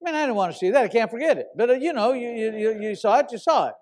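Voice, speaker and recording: A man's voice: very high voice, expressive, fast talker, darkish tone. A middle-aged man, a pastor, preaching a sermon and telling a story with emphatic, repeated words.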